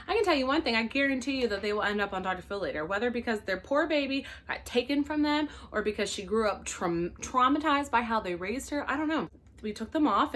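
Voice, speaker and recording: A young woman with a slightly high voice tells a story from her job as a flight attendant in a casual vlog. She talks with animated exasperation and bursts into loud disbelief. Her delivery is lively and chatty.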